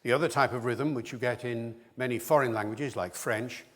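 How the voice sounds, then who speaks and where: A man's voice: mid-range voice, fairly quick. A man giving a public lecture, acting out the rhythms of speech to illustrate his points. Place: large lecture hall. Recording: long hall reverb.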